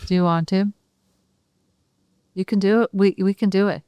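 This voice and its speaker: A woman's voice: medium pitch, steady tone, moderate pace, dark tone, smooth, no echo, dull audio. A woman hosting a podcast in casual chat. She is playful and laughs often while talking. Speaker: podcast host.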